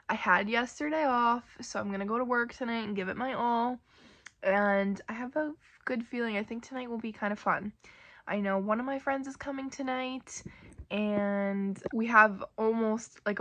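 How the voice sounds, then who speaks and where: A woman's voice: medium pitch, fairly bright tone. A young woman chatting casually in a vlog, rambling with lots of fillers like "like" and "um". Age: young adult. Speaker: vlogger.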